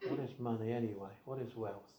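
A man preaching an evangelistic sermon, asking rhetorical questions and swinging between quiet asides and raised emphasis. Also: mid-range voice, steady tone, a little fast, slight background noise. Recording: echoey hall.

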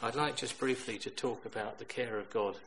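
A middle-aged man delivers a sermon in a mid-range voice, leaning into stories. He rises to loud, emphatic peaks and drops to near-whispered asides. A faint hiss sits behind the recording. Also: medium pitch, fairly even intonation, moderate pace, rough recording. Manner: storytelling, swings from loud emphatic to quiet. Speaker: preacher.

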